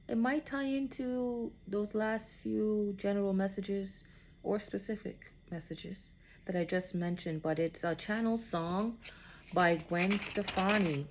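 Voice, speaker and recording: A woman giving a casual spiritual card reading to an unseen listener, reassuring and often checking in with "okay?". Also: medium pitch. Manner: reassuring, talks to an unseen "somebody", keeps asking "okay?".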